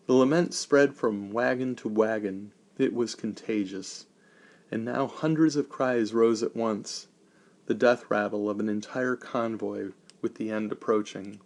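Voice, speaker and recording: A man reading a first-person memoir as an audiobook, measured and solemn. His low voice carries a gravelly rasp. He takes his time over every line. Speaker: narrator.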